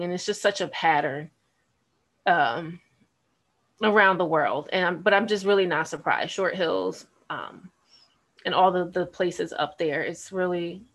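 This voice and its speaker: A woman chats casually as a podcast co-host. Her voice sits a little low, and her manner is blunt and candid, with laughter mixed into her talk. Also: fairly bright tone. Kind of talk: casual chat.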